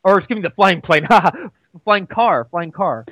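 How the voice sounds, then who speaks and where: Young male co-host, slightly high voice, dry deadpan quips, close dead mic. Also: no echo, rough recording. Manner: dry jokes, quick quips, stammering restarts. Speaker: podcast co-host. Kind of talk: casual movie chat.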